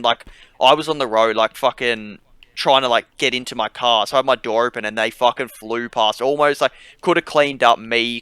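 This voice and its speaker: Bright, crisp Australian guy rambling. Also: medium pitch, no room sound. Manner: rambling, profane, many fillers. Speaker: podcast host. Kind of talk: casual storytelling.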